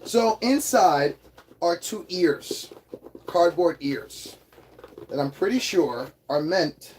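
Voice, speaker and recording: A man hosting a casual livestream toy review, hyper and excitable, swearing freely as he talks. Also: a little high, slow pace, a little hiss or hum.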